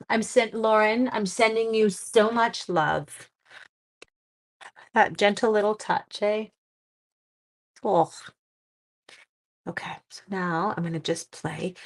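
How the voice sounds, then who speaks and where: A middle-aged woman, chatting on a live stream while crafting, warm-hearted and getting teary. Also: medium pitch, slow pace, long pauses. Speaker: livestream crafting host.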